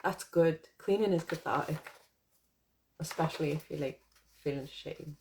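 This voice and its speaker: A woman's voice: low-pitched, normal speed, a little mellow, slight background noise. A woman poet chatting casually to her viewers, rambling and swearing, then reading her own poem aloud. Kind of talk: casual live chat and poetry reading.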